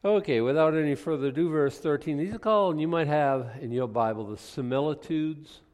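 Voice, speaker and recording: A man's voice: fairly high pitch, brisk, darkish tone, long reverb tail. A man preaching a folksy, conversational Bible lesson, rambling with frequent restarts and homely asides. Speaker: pastor.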